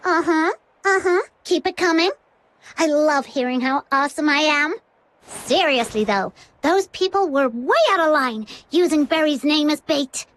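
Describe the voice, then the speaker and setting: Cocky pint-sized demon king, game cutscene; very high, slow and boastful. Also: animated, fairly bright tone. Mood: smug. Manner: boastful, teasing.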